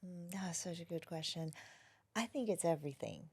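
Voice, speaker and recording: A woman who is a wellness practitioner, talking gently and reflectively as an interview guest, often dropping to a soft near-whisper. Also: lowish voice, moderate pace, slightly rough. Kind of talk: casual interview conversation.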